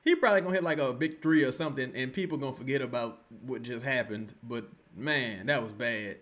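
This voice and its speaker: A man, streaming live basketball commentary, excitable and swearing, erupting into shouts and then dropping to low muttering. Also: a little fast. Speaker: sports streamer reacting to a live game.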